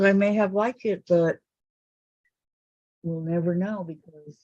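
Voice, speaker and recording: A woman's voice: on the low side, steady tone, takes it slowly, dark tone, no room sound. A woman quilter on a video call, chatty, reading messages from the chat aloud. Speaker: quilter in an online group chat. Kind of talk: casual chat. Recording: muffled video-call audio.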